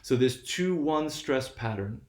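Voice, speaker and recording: A man's voice: medium pitch, lively intonation, a little slow, roomy sound. A man giving a patient, explanatory lecture, often checking in with his listeners as he goes. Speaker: university lecturer. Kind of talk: recorded lecture.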